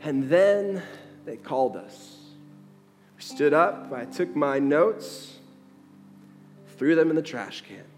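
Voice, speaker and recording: A man who is a pastor, telling a story in a sermon and acting out the dialogue with lively changes of voice. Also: on the high side, takes it slowly, pauses often, long reverb tail, soft background music. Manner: animated storyteller, acts out the dialogue.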